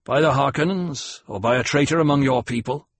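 Man doing a shrewd smuggler boss, a touch higher than his narration, husky and dry. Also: brisk, no room sound, natural voice. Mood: guarded. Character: shrewd cautious male smuggler chief.

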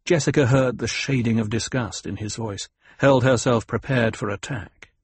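A man narrating a novel in a steady, even storytelling manner. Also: medium pitch, moderate pace, husky. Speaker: audiobook narrator. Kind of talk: scripted narration.

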